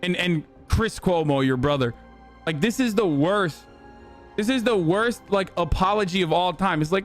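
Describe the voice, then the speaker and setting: A man reacting to news clips as a streamer, delivering rapid, profane, exasperated live commentary. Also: high voice, lively intonation, faint music behind.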